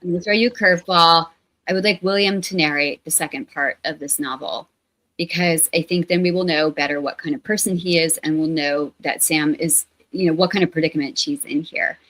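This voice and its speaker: A woman author in a casual interview, talking in an animated, playful way and acting out quotes. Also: deep voice, brisk, low-quality recording.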